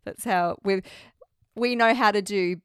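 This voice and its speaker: A woman's voice: mid-range voice, smooth, dry recording, clean studio sound. A woman co-hosting a podcast, chatting casually about a film and laughing easily. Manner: laughs easily, quick asides. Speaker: podcast co-host. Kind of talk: casual movie discussion.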